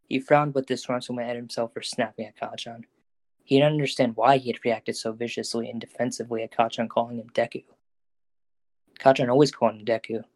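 A man reading the narration of a fan audio drama in a steady storytelling voice. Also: mid-range voice, no echo.

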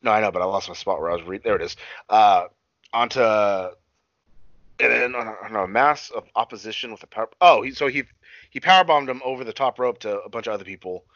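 A podcast co-host recapping wrestling talks in a lowish, slightly bright voice at a brisk pace. His casual chat rambles, packed with fillers, restarts and swearing, captured on a lo-fi recording with no echo.

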